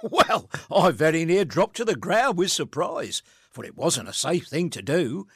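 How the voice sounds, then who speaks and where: A grumbling street watchman, as a man recites him telling his hard-luck tale in bouncing verse. His voice is fairly high and swings widely. The sound is dry. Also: sing-song, a little slow, fairly bright tone, slightly rough, no echo, heavily acted. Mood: rueful. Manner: rhythmic, rueful storytelling. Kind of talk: recited comic verse monologue.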